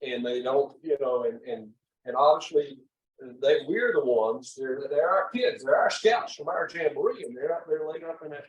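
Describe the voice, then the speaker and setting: A man's voice: a little high, expressive, moderate pace, muffled recording. Man in his 70s, rambling folksy training talk, audience room, distant mic. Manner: rambling, folksy storytelling with many uh's. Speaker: chaplain leader. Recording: echoey room, from far off.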